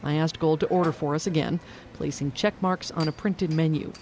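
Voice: medium pitch, fairly even intonation, brisk, darkish tone, soft background music. A radio host and reporter, moving between scripted narration and casual, curious interview questions, recorded in a car at a drive-thru and then in a restaurant. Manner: friendly, curious, asks short questions.

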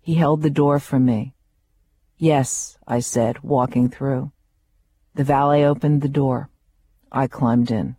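A woman's voice: rumbling low, steady tone, unhurried, dark tone, breathy edge. A woman author reading her memoir aloud, with wry, vivid storytelling.

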